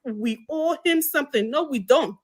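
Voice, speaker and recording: A woman's voice: sits high, animated, moderate pace. A young woman from Liberia calling into a live political talk show on her phone. She speaks in an impassioned, emphatic way, with many restarts. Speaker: caller. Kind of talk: passionate political call-in talk.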